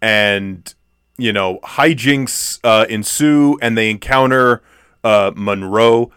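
The speaker is a man co-hosting a podcast, reviewing a film in a casual, rambling way with lots of fillers and restarts. He talks slowly in a fairly low, clean voice with a fairly bright tone. The recording is dry and studio quality.

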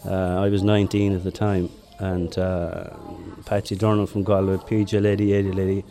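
A man's voice: low-pitched, little pitch movement, moderate pace, dark tone. Older Limerick man spinning yarns. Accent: Limerick Irish. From Ireland. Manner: chatty anecdotes with chuckles. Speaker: interviewee, former marathon runner. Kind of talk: relaxed storytelling.

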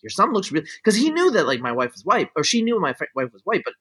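A man's voice: high voice, wildly swooping pitch, fast, sharp tone, breathy edge, poor audio. A middle-aged man in casual conversation, explaining his views at length in looping sentences full of fillers and restarts. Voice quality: talks in looping restarts with many "like" and "you know" fillers. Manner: explanatory, opinionated.

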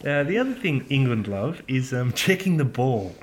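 A man's voice: mid-range voice, sing-song, moderate pace. Rambling man, faint hiss. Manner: rambling, hesitant with many ums. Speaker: podcast co-host. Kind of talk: casual chat.

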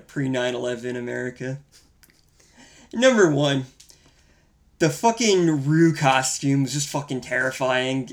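A man co-hosting a casual film-review podcast, talking in a wry, rambling, profane way. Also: mid-range voice. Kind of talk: casual chat.

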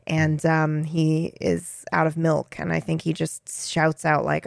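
A woman's voice: sits low, a little slow, vocal fry, hardly any pauses, no echo, studio quality. A woman co-hosting a podcast who casually recaps a TV episode, acting out lines as she summarizes. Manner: relaxed, acts out quotes while summarizing. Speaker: podcast co-host.

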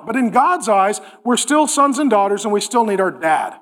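A middle-aged man preaching a sermon. He speaks emphatically and drops to a hushed, intimate tone for stories. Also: very high voice, sing-song, a little fast. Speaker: pastor.

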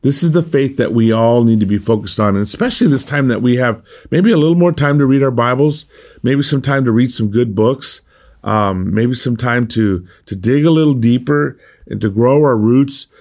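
A man preaching in a relaxed, conversational way. He reads scripture passages and then unpacks them with earnest asides and frequent restarts. His voice sits at an ordinary middle pitch. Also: moderate pace. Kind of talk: conversational sermon.

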